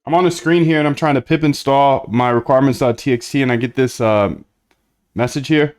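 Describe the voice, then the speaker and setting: A man's voice: medium pitch, a little fast, darkish tone. A man streaming himself coding, chatting casually and thinking aloud as he works. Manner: thinks aloud while working, chatty and loose. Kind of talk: casual live-coding chat.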